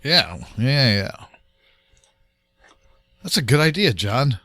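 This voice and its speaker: A man hosting a podcast, teasing his co-hosts with quick questions in casual studio banter, in what he calls a bland voice. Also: medium pitch, sing-song, sharp tone, no echo. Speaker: podcast host. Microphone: studio mic.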